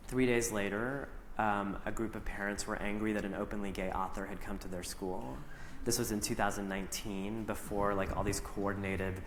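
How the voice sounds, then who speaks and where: Onstage in a large hall, a middle-aged author and actor, the keynote guest, shares personal stories in conversation. His ordinary-pitched voice echoes long through the room above a faint hum. Animated and laughing often, he performs his own past words and turns briefly emotional.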